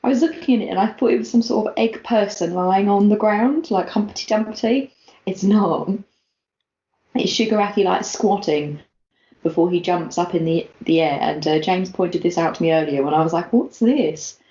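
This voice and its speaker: A woman, co-hosting a podcast, chatting casually with giggles and animated quotes. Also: on the low side, normal speed. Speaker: podcast co-host. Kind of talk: casual chat recapping a manga chapter. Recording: lo-fi, echoey room.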